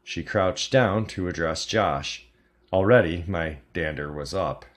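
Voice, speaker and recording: A man reads a horror story aloud in a calm, measured style. His voice sits low and the delivery is unhurried. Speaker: narrator. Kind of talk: scripted horror story narration.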